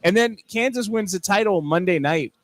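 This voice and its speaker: A man guesting on a live radio show from a bar, telling animated stories and mimicking accents. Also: high voice, moderate pace. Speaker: TV reporter guest. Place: bar, live remote broadcast.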